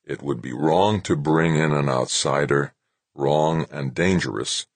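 A man's voice: very deep voice, unhurried, dry recording, heavily acted. A man voicing a cold, sanctimonious general. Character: cold, righteous male general.

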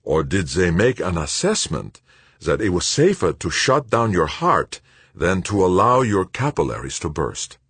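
A man's voice: low-pitched, sing-song, measured pace, fairly bright tone, breathy edge, dry recording, pitched above the performer's own voice, exaggerated voice. A man voicing a formal, puzzled older doctor who ponders aloud in an audiobook. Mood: pondering.

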